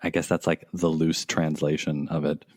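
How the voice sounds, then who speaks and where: An American man co-hosting a podcast, chatting casually and telling stories with lively excitement. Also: very deep voice, normal speed, no room sound, clean studio sound. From United States. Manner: animated, excited storyteller. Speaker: podcast co-host. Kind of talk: casual chat.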